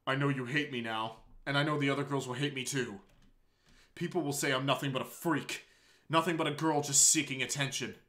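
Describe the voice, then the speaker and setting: Brief: man reading as a shy teen girl in a visual novel, tearful, halting, bright edge. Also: medium pitch, fairly even intonation, lightly acted. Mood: anguished. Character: shy, anguished teenage girl.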